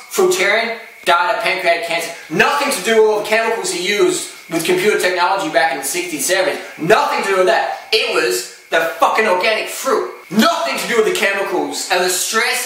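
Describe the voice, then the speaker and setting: A man's voice: high voice, bright, forceful tone, slight background noise. A man putting on a parody impression of a crude male Hollywood actor who rambles profanely about craving drugs. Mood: ranting. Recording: echoey room, far from the mic.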